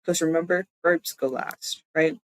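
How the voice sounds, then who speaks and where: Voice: medium pitch, fairly even intonation, measured pace, fairly bright tone, dry recording, rough recording. A streamer giving a casual live-stream lesson, explaining loosely with lots of "like" and thinking aloud. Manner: chatty, loose explanations full of "like"; self-correcting, thinking aloud. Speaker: streamer teaching language.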